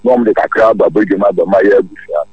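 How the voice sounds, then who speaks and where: A man calls in to a radio show and speaks haltingly, with a husky, low voice. The dull, lo-fi phone line muffles him. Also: no echo, soft background music. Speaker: caller. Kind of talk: phone-in chat.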